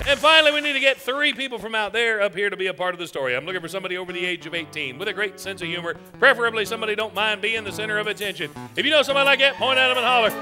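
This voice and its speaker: A man hosting a comedy show, teasing audience members in a loud, folksy way. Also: very high-pitched, rapid-fire, faint music behind. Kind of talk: audience participation stand-up. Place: theater stage with live audience. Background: audience laughter.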